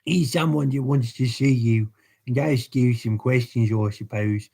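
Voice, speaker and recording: A man's voice: medium pitch, steady tone, unhurried, gravelly, warm tone, slightly rough. A man voicing a curt, practical male jailer in a storybook reading. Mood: questioning.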